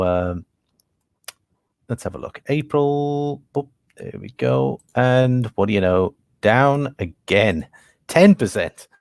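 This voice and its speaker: British male livestream host, lowish voice, dry close sound, easygoing and full of fillers. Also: no room sound. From Britain. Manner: relaxed, thinks aloud with many fillers, reads out viewer comments. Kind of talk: casual livestream commentary.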